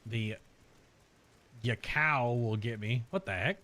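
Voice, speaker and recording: A man's voice: mid-range voice, slow pace, sharp tone. A man casually commenting on his game, joking, reacting aloud and reading quest text. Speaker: let's play host.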